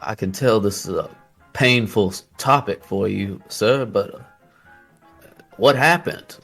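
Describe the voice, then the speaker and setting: A man's voice: on the low side, a little slow, gravelly, fairly bright tone, faint music behind. A man playing a tabletop game, asking curious, probing questions in and out of character. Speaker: player.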